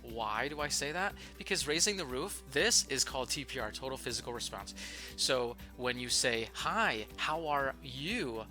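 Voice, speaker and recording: Man, online english teacher, joking and excitable, casual vlog, very bright voice. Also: medium pitch, normal speed, soft background music.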